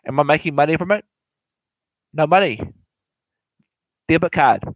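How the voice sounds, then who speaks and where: A man's voice: fairly high pitch, lively intonation, normal speed, no room sound, rough recording. A man giving a casual, rambling explanation of investing, repeating himself, stumbling over words and laughing now and then. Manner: repetitive, stumbling, laughs often. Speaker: real estate explainer.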